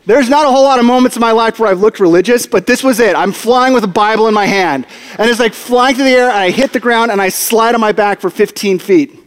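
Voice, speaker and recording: A man with a bright, high voice preaches to his church, spinning a story with comic timing and acted-out lines. His words carry a long, reverberant hall sound. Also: fast. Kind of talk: storytelling sermon.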